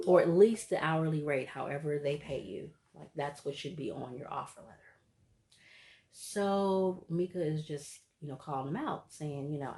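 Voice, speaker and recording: Low-voiced woman chatting through a recap. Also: measured pace, darkish tone. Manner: chatty, laughs often, acts out quotes. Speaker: reality TV recap vlogger. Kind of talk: casual recap chat.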